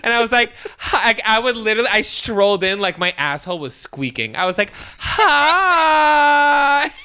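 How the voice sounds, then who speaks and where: A young man in his twenties co-hosting a podcast, telling stories in a casual chat and acting out quotes in high squeals. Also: fast, clean tone. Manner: animated storyteller, acts out quotes with high squeals. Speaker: podcast co-host.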